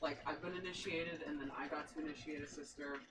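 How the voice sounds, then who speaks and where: Low-voiced woman telling an enthusiastic story. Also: fairly even intonation, fast. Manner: enthusiastic storytelling, laughs often. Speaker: guest. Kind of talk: casual podcast chat. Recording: distant mic with noticeable background noise.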